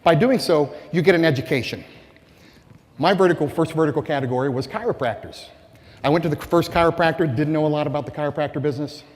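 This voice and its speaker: Male keynote speaker, fairly high voice, punchy and rhetorical, reverberant hall. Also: fast talker. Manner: animated, rhetorical, asks the audience questions. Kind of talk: conference keynote speech. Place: conference hall. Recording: long reverb of a large hall.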